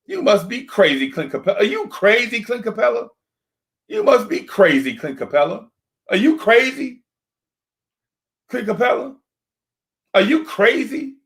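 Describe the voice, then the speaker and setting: A man hosting a sports fan talk stream into a desk microphone. He rants in an animated, repetitive way and keeps yelling the same rhetorical questions. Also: very high-pitched, measured pace, long pauses. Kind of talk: live-streamed fan rant.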